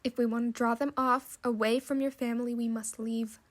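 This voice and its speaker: A steady, gentle young man, read by a woman narrating an audiobook, who speaks low and earnest, urging his friend. The voice is fairly high and even in pitch. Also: brisk, natural voice. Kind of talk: audiobook character reading.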